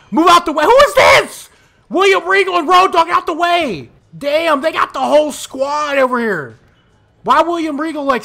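Excitable high-voiced man playing a game. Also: vocal fry. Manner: excitable trash talk, loud outbursts and mumbled asides. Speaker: gaming YouTuber. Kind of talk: playing a wrestling video game live.

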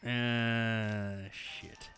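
A man's voice: lowish voice, level tone, extremely slow, fairly bright tone, faint music behind. A man doing let's-play commentary, sarcastic and swearing, talking back at the game. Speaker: gamer playing through a game. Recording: noisy with clicking sounds.

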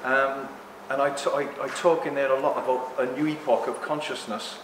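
A man giving a rambling, joking live talk to an audience, speaking loudly without a microphone. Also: medium pitch, fairly even intonation, moderate pace. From Greek heritage. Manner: jokey, rambling, loud. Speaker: guest speaker. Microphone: no microphone, room recording. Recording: echoey room with background noise.

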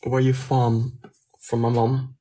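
A man's voice: medium pitch, monotone, slow pace, mellow. A young man with a Belgian French accent, reading viewer comments aloud on a phone live stream and answering them casually in English and French.

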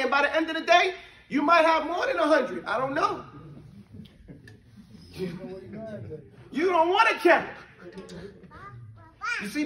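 With a very high, bright, forceful voice, a man teaches a religious class interactively, chanting verses for his students to drill and checking in on them. The room is echoey and the mic distant.

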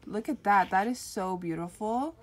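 A woman's voice: mid-range voice, normal speed. Giggly, gushing young woman. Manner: gushing, giggly, exclaims often. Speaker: unboxing vlogger. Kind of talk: excited casual unboxing chat.

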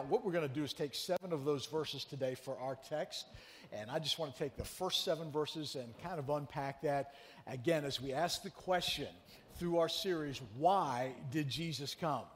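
A man preaching a sermon as pastor, telling a story in a chatty, animated way and teasing his congregation. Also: on the high side, in a large hall. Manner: conversational, animated storyteller who teases the congregation. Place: church sanctuary.

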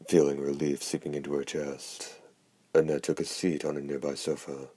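A man narrating an audiobook in a steady, even reading voice. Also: extremely low pitch, normal speed, dry recording. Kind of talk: scripted narration.

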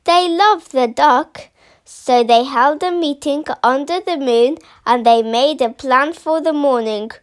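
High, slow-reading woman storyteller. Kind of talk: children's picture book read-aloud.

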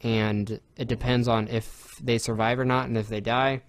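Young man, podcast co-host, casual chat, rambling, excitable, swears a lot. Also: medium pitch, normal speed.

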